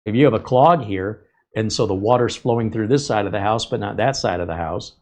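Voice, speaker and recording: A man's voice: fairly low pitch, a little fast. A man hosting a live tech stream, talking in a rambling, conversational way and laughing often. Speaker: host.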